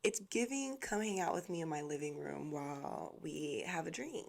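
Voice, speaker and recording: A woman's voice: deep voice, expressive, normal speed, gravelly, a little mellow. A young woman from Southwest Florida hosting her own podcast, chatting casually and playfully with plenty of slang and laughter. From Southwest Florida, USA. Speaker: podcast host. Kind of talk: casual chat.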